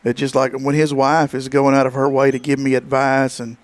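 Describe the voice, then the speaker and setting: Casting: man, talk show guest, relaxed wry storyteller, close dry sound. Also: mid-range voice, a little fast, no echo. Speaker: guest, funeral home director. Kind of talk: casual talk show chat.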